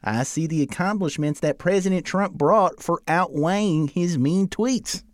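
A man's voice: a little high, unhurried, no echo, studio quality, close to an everyday voice. A man doing an impression of a folksy, defensive rural male politician with a put-on downstate Illinois accent, a bit off-mic.

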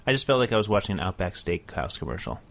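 A man's voice: deep voice, sing-song, quick pace, creaky, a bit bright. A man co-hosting a podcast, mostly chiming in with short agreeing replies in casual chat. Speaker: podcast co-host.

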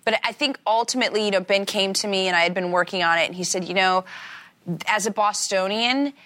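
An actress in her forties chatting in a talk-show interview, telling animated stories and acting out the quotes. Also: medium pitch, brisk. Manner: animated storyteller, acts out quotes. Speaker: actress guest.

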